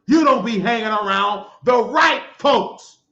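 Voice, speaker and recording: High, bright-voiced man ranting. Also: animated, unhurried, gravelly. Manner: scolding, mocking, preachy. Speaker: talk show host. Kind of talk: ranting monologue. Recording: echoey lo-fi room sound.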